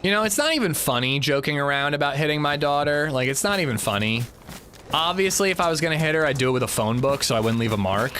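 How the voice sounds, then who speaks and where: A man's voice: fairly high pitch, fast talker, slight background noise. A man hosting a gaming livestream, chatting casually and telling stories in a joking way. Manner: animated, joking storytelling. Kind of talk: casual chat while playing.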